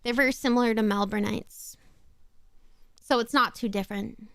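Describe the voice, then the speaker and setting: A woman chatting casually while playing a game on stream, rambling through quick asides and laughing often. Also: fairly high pitch, fairly even intonation, dry recording, studio quality. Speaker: VTuber streamer. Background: faint background music.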